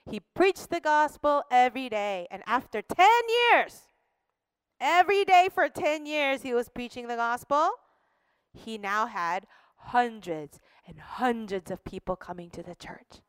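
A woman telling a Bible story to children in a slow, expressive storytelling manner. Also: a little high, clean tone, no echo. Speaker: children's ministry teacher.

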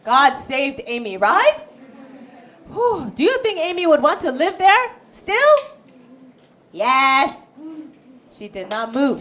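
A woman narrates a Bible story for children in a bright, high voice that swoops widely. She speaks slowly and expressively, stopping often to ask her listeners questions.

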